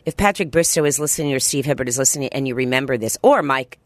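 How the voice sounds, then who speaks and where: Animated middle-aged woman, lively pitch. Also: fast talker, no room sound. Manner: animated, pitch jumps high when excited. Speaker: guest. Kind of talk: casual interview chat.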